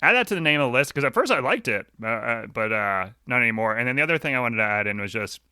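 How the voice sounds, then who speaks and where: A man co-hosting a casual book club podcast, animated and quick to react, swearing freely. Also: mid-range voice, clean tone, no echo, clean studio sound. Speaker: podcast co-host.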